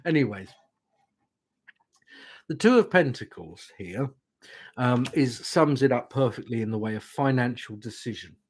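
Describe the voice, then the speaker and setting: Male host doing tarot readings on stream; husky tone, animated delivery, gentle and reassuring. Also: mid-range voice, a little slow, long pauses, dry recording. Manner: gentle, reassuring, checks in with "okay?".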